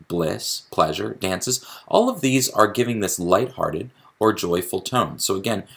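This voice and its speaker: Male teacher, deep and husky, gravelly voice, explanatory lecture with restarts. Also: a bit bright. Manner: explanatory, with frequent restarts and fillers. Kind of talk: recorded lecture on poetry.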